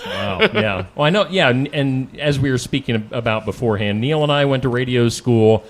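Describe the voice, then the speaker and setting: A man's voice: medium pitch, fairly quick. Easygoing male radio host. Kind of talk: live radio interview.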